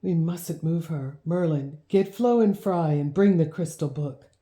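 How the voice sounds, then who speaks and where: A woman doing a calm, firm old grandfather. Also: deep voice, a little slow. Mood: urgent. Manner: calm, gives firm instructions. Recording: roomy echo.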